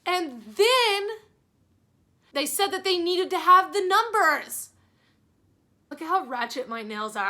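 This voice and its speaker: A young woman from Missouri, not yet twenty-one, tells a casual storytime to camera in a high, bright voice. She is candid and self-mocking and drops swear words freely. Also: expressive, slow pace, pauses often. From Springfield, Missouri. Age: young adult, under twenty-one. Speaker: vlogger.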